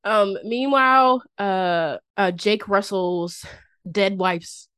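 A woman's voice: mid-range voice, takes it slowly, fairly bright tone, clear, resonant tone, no room sound, studio quality. A young woman hosting a podcast, talking in a casual, rambling way full of "like" and little laughs. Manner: rambling, filler-heavy, giggly. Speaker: podcast host. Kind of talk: casual chat.

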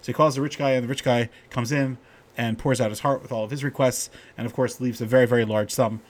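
Animated storytelling man giving a Torah talk. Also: medium pitch, quick pace. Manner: storytelling, animated when quoting characters. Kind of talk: informal Torah talk with stories.

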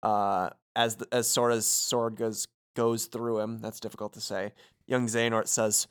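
A man co-hosting a podcast, recapping a game in casual chat, halting with fillers. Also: fairly low pitch, level tone, clear, resonant tone. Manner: halting, many fillers, laughs easily. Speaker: podcast co-host.

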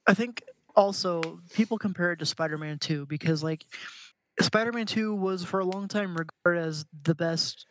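A podcast co-host chiming in with quick comments and opinions in casual chat. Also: mid-range voice, fairly bright tone, slight background noise. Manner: brief interjections and quick opinions.

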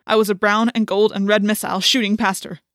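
A woman's voice: mid-range voice, level tone, quick pace, fairly bright tone, no room sound, clean studio sound. A woman narrating an audiobook in the first person, telling the story with intense, dramatic delivery.

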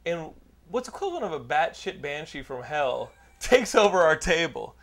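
Middle-aged male host, swears constantly, runs on through his story, slightly higher-pitched. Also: sing-song, moderate pace. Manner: profane, rambling anecdote teller. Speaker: podcast host. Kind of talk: casual storytelling chat.

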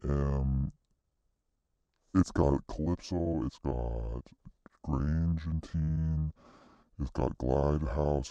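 Man as a shop owner lady, slow, rambling improv; rock-bottom gravelly voice, muffled dry sound. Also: rumbling low, mellow, no room sound, heavily acted. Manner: halting, rambling improvised speech. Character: deep-voiced female bath shop owner, prim.

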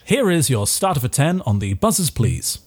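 A man's voice: mid-range voice, big pitch swings, moderate pace, a little mellow, slightly rough. A man voicing a mantis game-show host in a suit, with slick showman patter.

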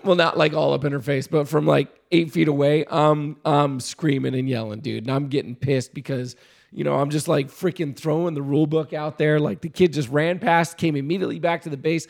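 Man, casual storyteller, gravelly slightly high voice, lively and quick to laugh. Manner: animated, laughs often, loud when reenacting yelling. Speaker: youth baseball coach telling a story.

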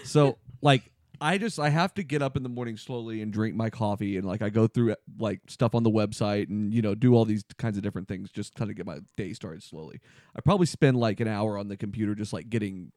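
A man, the podcast's producer, telling a home mishap story in animated, casual chat. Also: lowish voice, brisk, no echo, studio quality. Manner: animated storyteller, says "dude".

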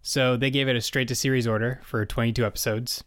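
A man's voice: medium pitch, level tone, quick pace, fairly bright tone, no room sound. A young man co-hosting a podcast, casually recounting a sitcom's history with plenty of filler words. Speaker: podcast co-host. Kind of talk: casual chat reviewing an old sitcom.

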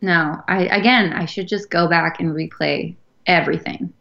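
A woman's voice: lowish voice, steady tone, vocal fry, fairly bright tone, highs cut off. A woman chatting casually as a podcast co-host, laughing often as she talks. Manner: giggly, chatty, quick to laugh. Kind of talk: casual chat.

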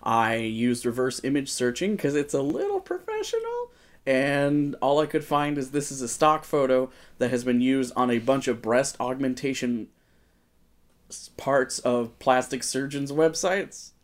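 A man's voice: medium pitch, very animated, a little slow. A man hosting a casual comedy podcast from a studio, joking, laughing often and swearing through the banter. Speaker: podcast host.

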